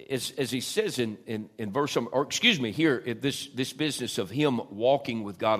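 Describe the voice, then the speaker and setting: A man preaching a sermon in a church, swelling loud and dropping soft. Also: mid-range voice. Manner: folksy Southern preaching, swells loud then drops soft. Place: church sanctuary.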